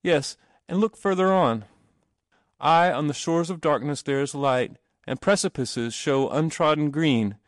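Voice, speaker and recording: A man's voice: fairly high pitch, measured pace, no echo, clean studio sound, voice pushed up, close to an everyday voice. A man voicing an earnest young boy who pleads to be believed.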